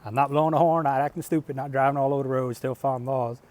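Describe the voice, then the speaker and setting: A man's voice: mid-range voice, level tone, racing, a little mellow. Blunt, profane middle-aged man. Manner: conversational, asks rhetorical questions. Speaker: vlogger. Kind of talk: casual storytelling monologue.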